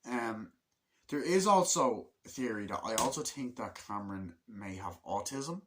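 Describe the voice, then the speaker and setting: A young man giving a casual spoken film review, rambling, swearing often and acting out scenes in quick quoted voices. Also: fairly low pitch, expressive, fairly bright tone, slight background noise. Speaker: movie reviewer.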